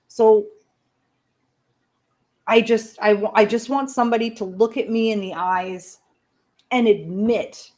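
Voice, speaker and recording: A woman's voice: medium pitch, darkish tone. A woman hosting a casual talk-radio show, ranting with lots of swearing and chatting about her day. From outside the United States. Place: home studio, smoking while on air.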